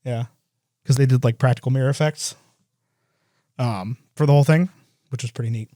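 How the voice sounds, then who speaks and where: A man co-hosting a movie podcast in casual chat, rambling quickly and laughing as he tells stories. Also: mid-range voice, warm tone, no echo, studio quality. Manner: fast, rambling, laughs while telling stories. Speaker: podcast co-host.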